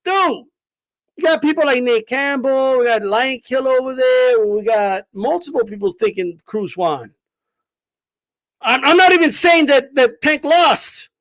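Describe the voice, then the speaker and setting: A man's voice: extremely high pitch, expressive, a little slow, fairly bright tone. A man hosting a boxing show, ranting brashly and profanely in a casual livestream style. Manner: brash, profane, mocks commenters in put-on voices. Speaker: boxing channel host. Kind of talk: animated livestream rant.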